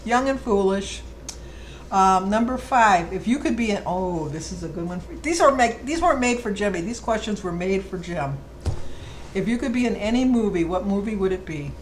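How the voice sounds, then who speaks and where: A woman's voice: mid-range voice, animated, normal speed, a little hiss or hum, poor audio. A middle-aged woman vlogger chatting casually and rambling fondly through a list of questions. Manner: chatty, rambling, fond storytelling. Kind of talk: casual chat.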